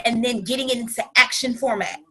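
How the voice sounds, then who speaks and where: Animated woman coach, forties, bright high delivery, casual and chatty, for a team pep talk. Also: fast, soft background music. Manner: animated and colloquial, with laughing asides. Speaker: business coach.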